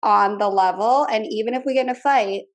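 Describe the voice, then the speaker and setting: A woman's voice: mid-range voice, brisk. Blunt, profane woman co-host. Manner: frank and profane, emphatic. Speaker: podcast co-host. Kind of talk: casual chat.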